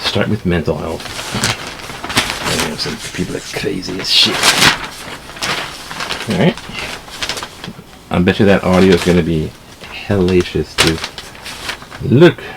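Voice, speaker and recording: Gravelly low-voiced man reading the paper. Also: steady tone, slow pace, pauses often, very noisy. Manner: rambling, jokey asides, stumbles over words while reading. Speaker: vlogger reading the newspaper. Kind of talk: casual newspaper read-aloud with commentary.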